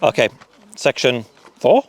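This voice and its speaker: A man presenting prizes outdoors, reading out winners in a jokey, relaxed manner. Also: mid-range voice, measured pace, a little hiss or hum. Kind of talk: announcing winners. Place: outdoors at a fishery.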